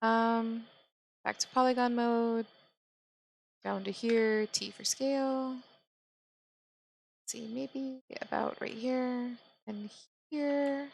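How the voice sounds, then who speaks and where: Slow, gravelly woman talking through a tutorial. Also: fairly high pitch, no echo, low-quality recording. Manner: calm step-by-step instructions, thinking aloud. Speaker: 3D modeling tutor. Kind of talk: screen-recorded software tutorial narration.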